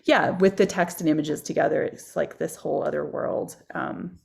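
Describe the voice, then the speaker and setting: A woman's voice: low voice, steady tone, moderate pace, gravelly, a little mellow. A woman from the gallery interviewing an artist over a video call, asking long, rambling questions with many fillers.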